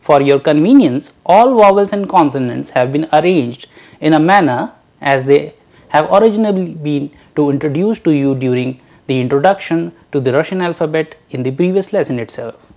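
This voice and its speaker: Mellow and expressive at a medium pitch, a language teacher gives a recorded lecture. Letter sounds are drawn out one at a time, slowly and carefully, for learners to repeat.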